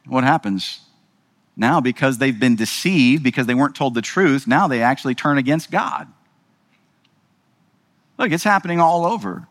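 A man's voice: mid-range voice, expressive, moderate pace, pauses often, in a large hall. A man preaching a sermon in a conversational way, asking rhetorical questions and checking in with his listeners. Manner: conversational, asks rhetorical questions with frequent "right?". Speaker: pastor.

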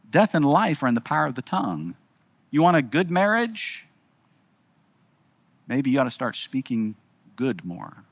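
A middle-aged man preaching a sermon, repeating key phrases with emphasis and moving between quiet, intimate lines and raised, urgent ones. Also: mid-range voice, big pitch swings, a little slow, gravelly, pauses often, no echo. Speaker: pastor.

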